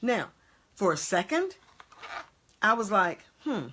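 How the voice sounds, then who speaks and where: Emphatic woman speaker, bright voice. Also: medium pitch, expressive, a little hiss or hum. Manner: emphatic, repeats points and checks in with "okay?"; stretches key words slowly for emphasis. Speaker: women's ministry speaker and teacher. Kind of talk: motivational teaching to a live group.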